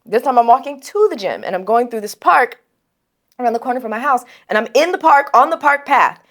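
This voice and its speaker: Young woman podcast co-host, slightly high voice, blunt and animated, swears freely in casual storytelling. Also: fairly quick.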